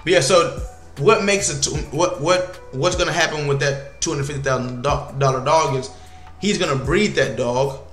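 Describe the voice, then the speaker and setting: A fairly high-pitched man talks over a video game in a slangy, animated way, often jumping to loud outbursts. The voice sits in a roomy, echoey space. A faint music bed runs underneath. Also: moderate pace. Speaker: gaming YouTuber. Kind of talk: casual gameplay commentary.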